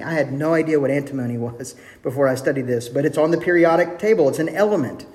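Pastor preaching in a reverberant hall. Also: male voice, fairly high pitch, fast, hardly any pauses. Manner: earnest, varies pace, drops to soft intimate tones for quotes. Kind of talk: sermon.

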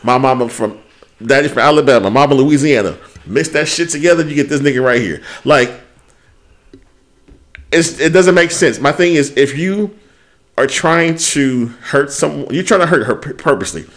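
A man's voice: mid-range voice, normal speed, fairly bright tone. A man co-hosting a casual podcast, ranting with lots of profanity and quoting people in put-on voices. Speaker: podcast co-host. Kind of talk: casual chat.

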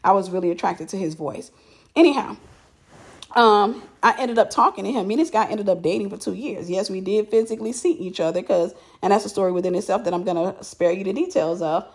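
A woman telling a personal story in casual chat, animated and repeating herself for emphasis. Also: mid-range voice, brisk, breathy edge.

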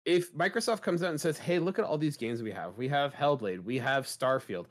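A man co-hosting a gaming podcast chats casually in an emphatic way, tossing out rhetorical questions. His voice is fairly high, animated and fairly quick.

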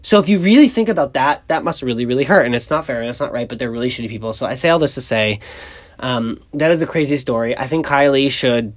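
A young man talks through a casual solo podcast in a gossipy, rambling way. His voice sits at a middling pitch, full of ums and restarts, and now and then it leaps up sharply to stress a point. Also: fast. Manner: chatty and gossipy, rambling with many fillers and restarts; animated pitch jumps for emphasis. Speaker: podcast host.

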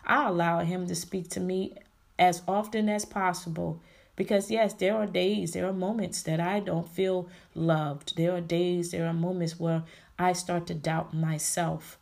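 A woman's voice: lowish voice, fairly even intonation, unhurried, gravelly, darkish tone. A woman hosting a faith-based podcast, giving a motivational talk full of repeated affirmations and calling listeners "y'all" and "honey.". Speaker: podcast host.

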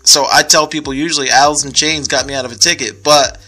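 A young man chats on a podcast, his medium-pitched voice quick over faint background music. He's an animated storyteller who laughs a lot and performs different voices.

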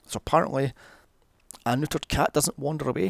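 A man's voice: a little high, brisk, gravelly, dry recording. A man narrating a sarcastic movie recap, full of profane, mocking asides. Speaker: film recap commentator.

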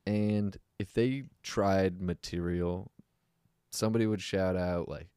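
Low-voiced man telling comedy stories. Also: steady tone, slow, dark tone, clear, resonant tone, no echo, clean studio sound. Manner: storytelling, acts out heckles in a raised voice. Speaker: comedian podcast co-host. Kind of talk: casual chat.

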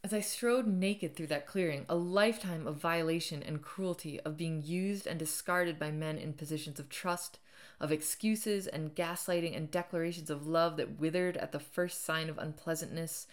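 A woman reading her own memoir aloud as an audiobook, dramatic, rising loud at times and falling nearly to a whisper. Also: low-pitched, fairly even intonation, normal speed. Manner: dramatic, swells loud and drops to near whisper.

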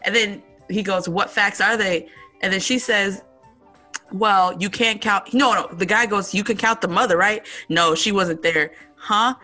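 A young man tells a story eagerly in casual chat, tripping over restarts. His tone is bright and sharp. Faint music sits behind him. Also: high voice, steady tone, measured pace.

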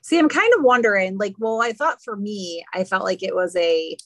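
A woman's voice: mid-range voice, normal speed, fairly bright tone, no echo. A middle-aged woman hosting a casual chat, reacting and rambling through her thoughts.

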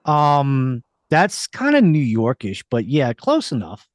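Male podcast host, playful, stop-start phrasing, mid-pitched, dry studio sound. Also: huge pitch swings, no room sound. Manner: playful, halting with restarts. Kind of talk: casual interview chat. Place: recording studio.

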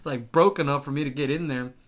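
A twenty-year-old man, a podcast guest, telling a story in casual chat, swearing freely, animated and laughing often. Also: on the high side, fast.

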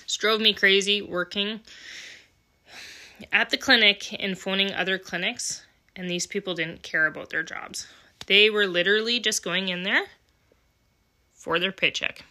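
A woman's voice: mid-range voice, fairly even intonation, unhurried, long pauses, sharp tone. A young adult woman hosting a podcast, telling personal stories in an earnest, emotional way and swearing casually. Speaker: podcast host. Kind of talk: candid personal monologue.

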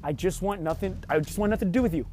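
A man's voice: high-pitched, rapid-fire, dark tone, soft background music. A young man telling a frustrated story in a rambling, casual way, swearing often and filling his speech with "like.".

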